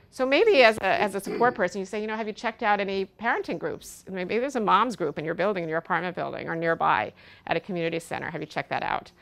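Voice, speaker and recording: A woman's voice: on the low side, fairly bright tone. A middle-aged woman, a parenting educator, giving an earnest talk to an audience, telling a personal story with frequent ums. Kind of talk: speaking to an audience at an event.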